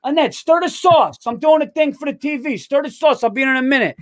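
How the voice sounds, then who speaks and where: A man's voice: extremely high pitch, expressive, quick pace, a little hiss or hum, voice pushed up. A man voicing a brash, mob-style middle-aged man playing president, who tosses off orders to his wife. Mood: bossy.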